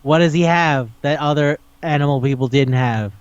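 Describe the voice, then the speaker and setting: A man's voice: a little high, clean tone, no echo. Exasperated man on a lo-fi podcast. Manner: incredulous, swearing, rants in rapid questions. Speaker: podcast co-host. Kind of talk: casual chat.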